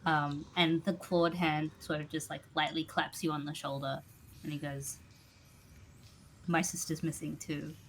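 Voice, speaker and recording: A woman narrating a tabletop game as game master, relaxed and hesitant, with many fillers. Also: deep voice, moderate pace, a little hiss or hum.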